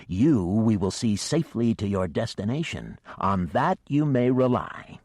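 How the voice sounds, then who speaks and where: A man's voice: lowish voice, lively intonation, a little slow, a little mellow, no room sound, studio quality, pitched above the performer's own voice. A man voicing a chatty, blunt male fish-man sea skipper.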